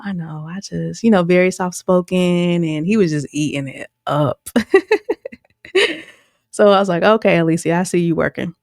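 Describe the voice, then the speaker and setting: A show reviewer recaps a reality episode in a loose, chatty way, laughing often and putting on voices for the people she quotes. Her voice is on the low side and a little mellow, recorded dry and close with no room sound.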